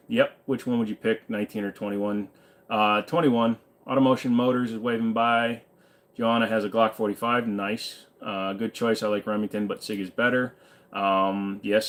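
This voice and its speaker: A man hosting a livestream late at night who sounds tired, with a voice that sits a little low. His talk is casual and chatty. He reads viewer comments out loud and answers each one in a relaxed way. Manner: laid-back, chatty, reads comments aloud and answers them. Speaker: livestream host.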